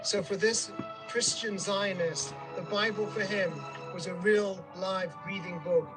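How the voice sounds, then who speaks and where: A man with a high voice narrates a vivid, dramatic story while guiding a tour. He speaks outdoors on a hillside. Clear music runs underneath his voice. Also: fairly even intonation, measured pace, low-quality recording. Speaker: tour guide. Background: background music.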